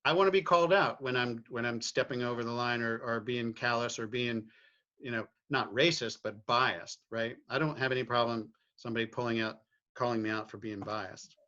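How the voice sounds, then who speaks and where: A man's voice: medium pitch, steady tone, brisk, sharp tone, dull audio. A middle-aged man from Virginia, a podcast guest speaking candidly and reflectively about his family and his views, often restarting his phrases and checking in with "right?". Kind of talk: candid personal conversation.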